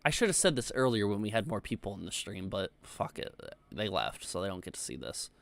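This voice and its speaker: This young man hosting a laid-back livestream has a lowish voice with big pitch swings and vocal fry, speaking fairly quickly. He rambles, reads chat aloud, and leans heavily on filler words, all in a dry recording.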